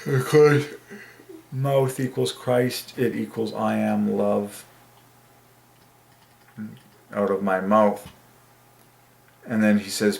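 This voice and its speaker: A man's voice: on the low side, little pitch movement, slow, gravelly, long pauses, darkish tone. A man giving a casual, earnest reflection on the Bible, rambling and candid, often laughing and saying "like.". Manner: earnest, emotional. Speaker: Christian video maker.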